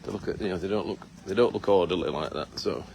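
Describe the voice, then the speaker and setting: A man's voice: low voice, fast talker, vocal fry, a little mellow, a little hiss or hum. A middle-aged man, hosting a casual live walkabout outdoors on his farm, chatty and teasing with lots of fillers, filmed on a phone. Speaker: farmer and host. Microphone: phone camera held by someone nearby.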